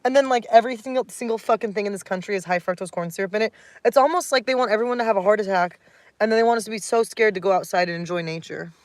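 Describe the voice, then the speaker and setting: Medium in pitch and racing along, a woman in her thirties rants on a nighttime livestream from her home. The talk is blunt, heated and heavy on swearing, mixed with cooing baby talk directed at her dog.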